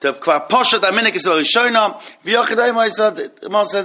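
A man giving a halacha class, reading Hebrew passages quickly and then explaining them in English, often repeating himself. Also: high voice, lively intonation, sharp tone. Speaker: Torah teacher.

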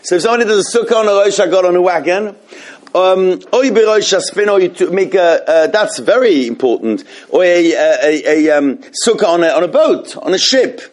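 A man with a slightly high voice teaches a class on Jewish law. He stumbles over restarts and keeps turning to the room with questions. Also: animated, brisk. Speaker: Torah teacher.

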